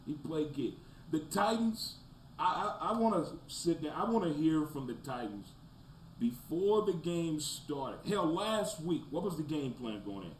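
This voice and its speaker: A man hosting a casual sports talk show, breaking down the weekend's games, rising into loud rants and dropping to low mutters. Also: animated, a little slow. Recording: roomy echo, faint background noise.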